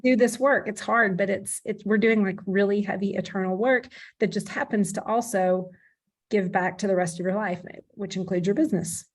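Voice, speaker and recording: A woman in a mid-range voice reflects on a talk with real enthusiasm. She talks in loose, searching phrases and warms to her points. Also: mid-range voice, fairly even intonation, moderate pace. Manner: enthusiastic and reflective, full of fillers. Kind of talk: reflective discussion.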